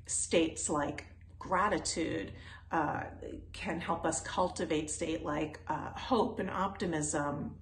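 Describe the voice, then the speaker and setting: A woman teaching self-compassion in a gentle, unhurried way, with pauses and fillers. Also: on the low side, echoey room, slight background noise. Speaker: wellness teacher.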